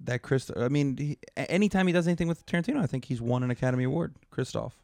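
A man's voice: medium pitch, rapid-fire, vocal fry, a little mellow, no echo, studio quality. A man co-hosting a comedy podcast in casual chat, swearing freely and stammering through his stories. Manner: profane, stammering storyteller. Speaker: podcast co-host.

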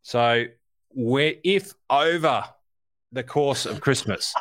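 A man co-hosting a podcast, giving animated, casual market commentary, swearing freely and speaking straight to listeners. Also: medium pitch, slow, no room sound, studio quality. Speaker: co-host.

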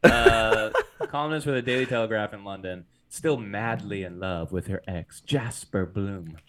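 A man's voice: lowish voice, a bit bright, slight background noise. A man hosting a casual podcast, recapping a film plot and laughing often. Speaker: podcast host. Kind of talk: casual movie recap chat.

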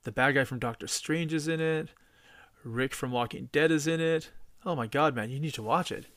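A man's voice: fairly high pitch, moderate pace, a bit bright, dry recording. A man from British Columbia hosting a podcast, telling stories eagerly in casual chat and swearing freely. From British Columbia, Canada. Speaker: podcast host.

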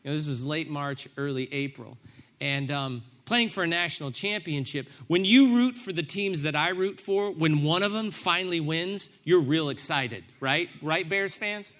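A man's voice: a little high, normal speed, fairly bright tone. A middle-aged man preaching a sermon, telling a story with self-deprecating humor and acting out his own reactions. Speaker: pastor.

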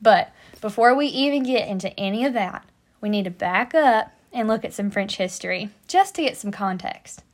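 A woman's voice: medium pitch, animated, moderate pace. An American woman hosting a casual history podcast, chatty and joking, with playful asides. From United States. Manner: chatty, joking asides, southern-tinged "y'all". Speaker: podcast host.

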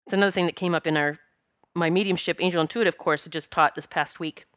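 A woman's voice: on the low side, fairly even intonation, fast, fairly bright tone, dry recording. Woman medium talking earnest and emotional, restarts a lot, dry close sound. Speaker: spiritual teacher and medium. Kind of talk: personal storytelling monologue.

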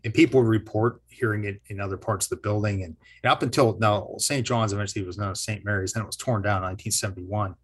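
Husky-voiced historian spinning a ghost story. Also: male voice, on the low side, fairly even intonation, quick pace, few pauses. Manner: rambling, self-correcting, chuckles often. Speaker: historian and teacher. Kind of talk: casual interview storytelling.

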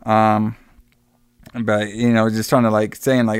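Casual man retelling a film, crisp dry voice. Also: fairly low pitch, level tone, a little slow, long pauses, dry recording. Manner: retells scenes by acting out characters' lines; swears casually. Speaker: podcast co-host recapping a film. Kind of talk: casual chat.

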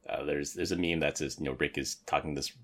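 A man's voice: rumbling low, fairly even intonation, fast, fairly bright tone. A man co-hosting a podcast, chatting casually about tech and telling anecdotes. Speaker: podcast co-host.

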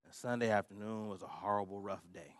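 A man's voice: on the low side, a little fast, dry recording. A middle-aged man preaching a sermon, telling a personal story in a humorous, conversational way and laughing often. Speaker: pastor.

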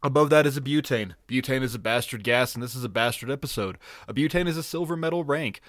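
A man's voice: medium pitch, fast talker, fairly bright tone, no room sound, studio quality. A man co-hosting a podcast in casual chat, laughing often and swearing freely as he rambles. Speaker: podcast co-host.

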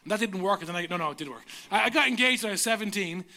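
High-voiced Irish pastor telling jokes. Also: male voice, expressive, rapid-fire, pushed and bright. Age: 30s. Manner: self-mocking, humorous storyteller. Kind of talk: sermon with personal stories.

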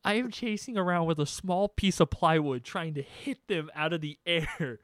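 A young man telling a comedic story on a podcast, animated and profane, acting out sounds and quotes. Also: fairly high pitch, normal speed, dry recording, clean studio sound.

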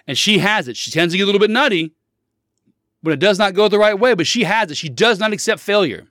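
A man's voice: high-pitched, animated, fast talker, sharp tone, dry recording, studio quality. A man in his thirties hosting a casual solo podcast, blunt and preachy, hammering his points home by repeating them. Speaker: podcast host.

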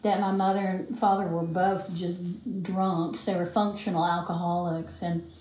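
A woman's voice: lowish voice, level tone, a little slow, darkish tone. Chatty woman in an echoey room. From Appalachian United States. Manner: chatty, laughing storyteller. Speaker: podcast co-host. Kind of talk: casual chat. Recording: roomy echo.

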